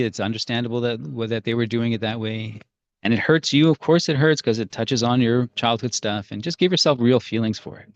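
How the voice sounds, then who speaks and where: With a mid-range voice, a man leads a parenting workshop in a casual, storytelling manner. He often pauses on fillers and restarts his thoughts. No echo is present, but the highs are cut off.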